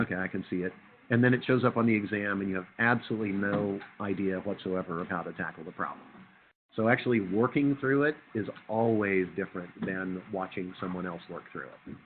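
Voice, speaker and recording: A man with a hoarse, husky voice from a chest cold, giving a university lecture in a chatty, joking way and quizzing the class. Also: mid-range voice, narrow, tinny audio, a little hiss or hum. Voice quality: husky radio voice. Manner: conversational, jokey, quizzes the class.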